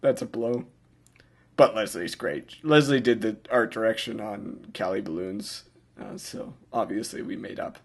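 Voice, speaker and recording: A man's voice: on the low side, measured pace, creaky, slightly rough. A young man giving a casual, self-mocking director's commentary, rambling with lots of filler words.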